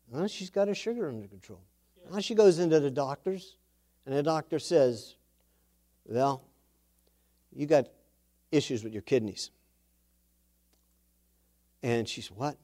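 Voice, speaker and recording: A man preaching a sermon and telling a testimony, animated, with quoted dialogue and emphatic exclamations. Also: mid-range voice.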